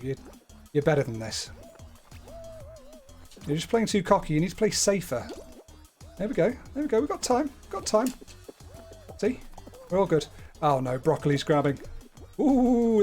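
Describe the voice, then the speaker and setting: A man streaming live, talking through his gameplay in a chatty, playful way with wordy asides. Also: sits high. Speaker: gaming streamer.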